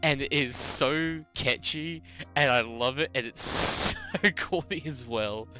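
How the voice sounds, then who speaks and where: A man in his twenties with a New Zealand accent, chatting casually to his stream viewers, animated storytelling and laughing often. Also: medium pitch, takes it slowly, soft background music. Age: 20s. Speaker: game streamer. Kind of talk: casual chat with live chat.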